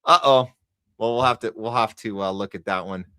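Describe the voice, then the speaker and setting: Male live-podcast host, sarcastic ranter, sharp bright tone. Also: lowish voice, moderate pace, clear, resonant tone. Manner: ranting, sarcastic, heated; talks to a chat audience. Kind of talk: live news commentary podcast.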